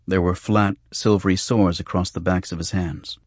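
A man reading a novel aloud in measured, hushed scripted narration. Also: sits low, steady tone, no echo, studio quality. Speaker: audiobook narrator.

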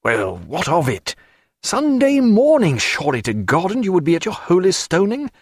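A man's voice: mid-range voice, big pitch swings, moderate pace, breathy edge, no echo. A fussy, learned ship's doctor with a whining, snarling edge, as a man puts him on. His voice swings up and down as he talks, recorded dry and close. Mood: irritable.

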